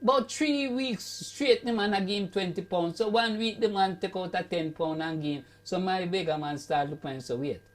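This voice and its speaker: A man's voice: sits high, moderate pace, few pauses. Jamaican man telling comic stories. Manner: animated, with loud outbursts of "Ay, boy". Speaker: comedian. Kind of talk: stand-up comic storytelling.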